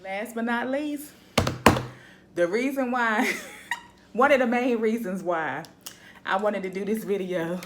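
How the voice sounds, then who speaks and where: A woman vlogger talking about shows in a casual, animated way. She laughs often and keeps addressing her viewers. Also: mid-range voice, measured pace, pauses often, very noisy. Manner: chatty and animated, laughs often, says "y'all". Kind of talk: casual chat.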